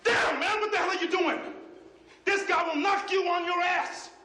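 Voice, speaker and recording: An actor playing a fiery male boxing trainer who shouts urgent commands at his fighter, in a film clip. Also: extremely high pitch, normal speed, noisy background. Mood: urgent coaching. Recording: roomy film audio with music behind. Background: film score music.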